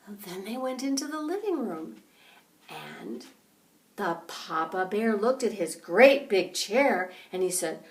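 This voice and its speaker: A grandmother telling a bedtime story in an animated, dramatic way, recorded from a distance. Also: medium pitch. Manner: animated, dramatic, slow and expressive.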